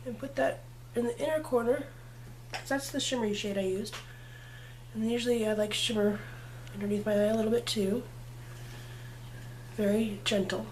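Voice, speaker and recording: A woman's voice: fairly high pitch, darkish tone, a little hiss or hum. A woman chatting playfully through a makeup tutorial, talking to herself as she works. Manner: chatty, playful, talks to herself while working. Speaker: makeup vlogger. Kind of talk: casual makeup tutorial chat.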